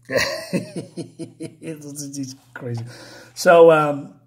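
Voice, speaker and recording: Chuckling man with a higher voice. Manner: rambling, chuckling, full of "so, um, right?". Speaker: comic book reviewer. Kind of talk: casual comic recap.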